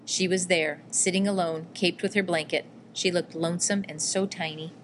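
A woman narrating a first-person memoir in a measured, quietly emotional reading. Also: fairly low pitch, fairly even intonation, a little hiss or hum. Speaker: audiobook reader.

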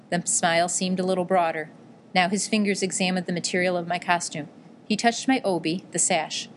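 A woman with a fairly low voice reads a memoir-style novel aloud in calm, measured narration. Her delivery stays gentle and even, and a faint hiss of noise sits beneath her voice. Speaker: audiobook narrator.

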